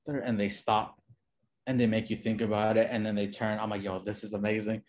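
A man talking as a guest in a relaxed interview, loose and conversational, with frequent fillers and restarts. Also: fairly low pitch, fairly quick, slight background noise. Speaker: designer and podcast guest. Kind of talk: casual interview chat.

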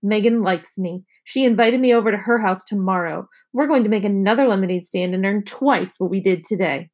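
A woman's voice: mid-range voice, fairly quick, darkish tone, natural voice. A woman reading aloud, voicing a proud, bossy young girl with a snappy, indignant way of talking.

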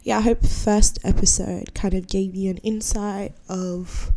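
A woman's voice: medium pitch, flat delivery, unhurried, warm tone. A young adult woman hosting a podcast in casual chat, candid and heartfelt, full of slang and "like"s. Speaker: podcast host.

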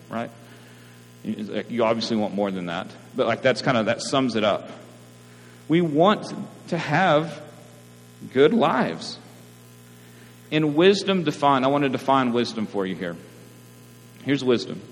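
Pastor preaching in a reverberant hall. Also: male voice, medium pitch, lively intonation, unhurried. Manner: conversational preaching with frequent "right?" asides. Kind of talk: sermon. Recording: reverberant hall, mains hum.

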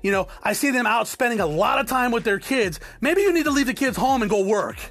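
A man's voice: extremely high pitch, animated, a little fast, fairly bright tone, no room sound. A man hosting a podcast, ranting bluntly with constant swearing and stammered repeats. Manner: blunt, swearing often, repeats words when worked up. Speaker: podcast host. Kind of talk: profane ranting monologue.

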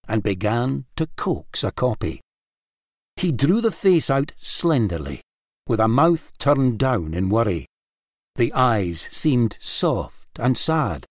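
Male narrator for a rhymed storybook, slow and melodic, dry close-miked read. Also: medium pitch, no echo. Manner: expressive, lilting verse reading.

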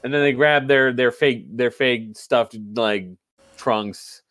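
A man's voice: medium pitch, slow, a bit bright, no echo. A man co-hosting a casual wrestling recap, sarcastic and profane, joking with his co-host. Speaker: podcast co-host.

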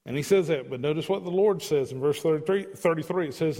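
A man's voice: on the high side, fast, hardly any pauses, dark tone. A man preaching an evening sermon as pastor, earnest and emphatic, with pleading asides, in a church sanctuary. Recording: long church hall reverb.

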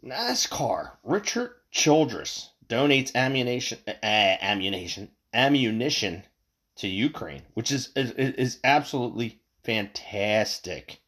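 A man's voice: mid-range voice, big pitch swings, unhurried, few pauses, a bit bright. A man hosting his own show, ranting in a casual, heated way, swearing often and stammering over repeated words. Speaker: podcast host. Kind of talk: casual opinion rant.

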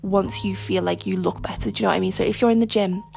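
A young woman hosting her own podcast in casual, chatty, self-mocking talk, a little husky today from lying on her front while recording. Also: mid-range voice, steady tone, fast, darkish tone, faint music behind. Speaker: podcast host. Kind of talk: casual solo podcast chat.

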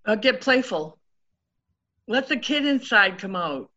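A woman's voice: mid-range voice, measured pace, dull audio. A woman relationship coach in a casual interview, telling stories and acting out what her clients said. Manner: animated, acts out quotes of clients.

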